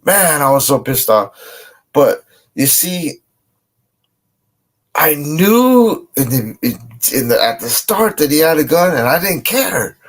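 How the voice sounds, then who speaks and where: A man's voice: a little high, big pitch swings, slow, pauses often. A man casually telling a boastful street story, swearing often. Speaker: guest.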